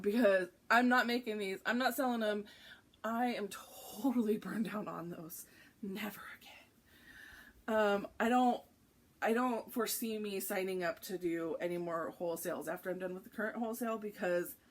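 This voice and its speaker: A woman vlogger chatting excitedly and casually to camera while unboxing a craft box, with frequent ums and little laughs. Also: mid-range voice.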